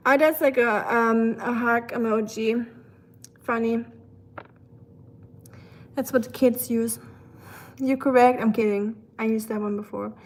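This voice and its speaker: German lady streaming, higher voice, rambly casual chat w viewers. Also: fairly even intonation, unhurried, long pauses. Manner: chatty, many fillers, reads out viewer comments. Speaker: live streamer.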